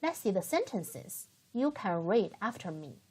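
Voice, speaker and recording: Slow, breathy woman teacher. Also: medium pitch, very animated, warm tone. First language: Chinese. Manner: patient, explains step by step and models words for learners to repeat. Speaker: Chinese language teacher. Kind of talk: slow, careful language lesson.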